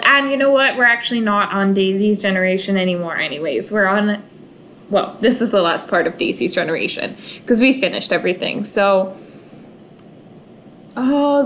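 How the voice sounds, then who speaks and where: Slow-talking young woman narrating her game. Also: medium pitch, a bit bright, slight background noise, poor audio. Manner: gushing and emotional, sighing over sad moments. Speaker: gaming video creator. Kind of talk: casual let's-play commentary.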